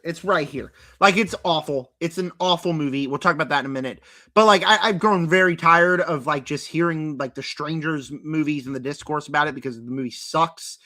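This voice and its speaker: Chatty young man, bright rambling voice. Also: a little high. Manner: rambling, filler-heavy, emphatic. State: voice cracking, throat-clearing. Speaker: horror movie reviewer. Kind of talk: casual vlog commentary.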